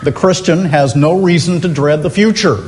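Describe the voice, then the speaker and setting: A man preaching a sermon, earnest and emphatic, slowing and lifting his voice to stress key phrases. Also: on the high side, a little mellow. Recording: long reverb of a large hall.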